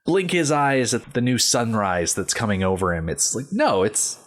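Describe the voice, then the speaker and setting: A man hosting a podcast, talking through a film scene in a measured, explanatory way. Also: medium pitch, very animated. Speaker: podcast host. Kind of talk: casual film discussion.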